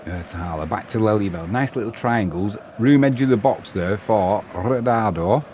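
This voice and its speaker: Low-voiced chatty football commentator man. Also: normal speed, darkish tone, a little hiss or hum. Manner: chatty, opinionated asides between play-by-play. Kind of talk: live solo match commentary while reading viewer chat.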